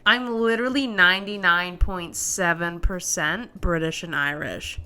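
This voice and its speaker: A woman's voice: fairly low pitch, a little slow, sharp tone, clear, resonant tone. A woman co-hosting a podcast in casual chat, playful and jokey, teasing her co-host. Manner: playful, jokey, tries on accents for laughs.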